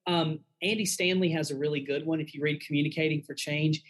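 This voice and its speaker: A man's voice: fairly high pitch, steady tone, fairly quick, husky, poor audio. A man, a pastor and guest, giving frank, earnest advice in a casual conversational way.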